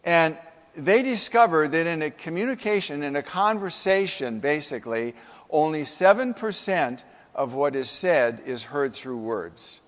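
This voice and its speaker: A man's voice: on the high side, expressive, a little slow, a bit bright. A man giving a humorous, emphatic motivational keynote speech at a conference, full of stories. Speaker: keynote speaker. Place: conference hall. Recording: echoey conference hall.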